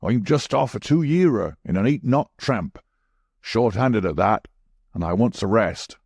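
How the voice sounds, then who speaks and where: A man's voice: fairly low pitch, expressive, unhurried, a little mellow, breathy edge, no echo, studio quality, exaggerated voice. A man voicing a crafty, sinister old sailor who talks in coarse seaman's speech. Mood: sly.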